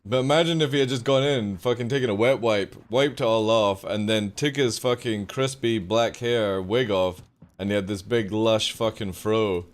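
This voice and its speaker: A man's voice: on the low side, moderate pace. A young adult man streaming a game live, chatting casually with his viewers, joking and swearing freely. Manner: profane, joking, talks to chat. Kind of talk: casual live gameplay chat.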